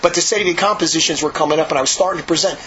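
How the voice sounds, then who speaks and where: Fast-talking high-voiced man, rambling monk. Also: highs cut off, slight background noise. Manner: rambling, repeats and restarts, excitable. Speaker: monk recounting monastery life. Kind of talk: casual storytelling.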